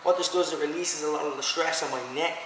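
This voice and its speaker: A man's voice: a little high, steady tone, fast talker. A man demonstrating self-defence moves, explaining each step as he goes. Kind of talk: technique demonstration. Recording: echoey hall, background noise.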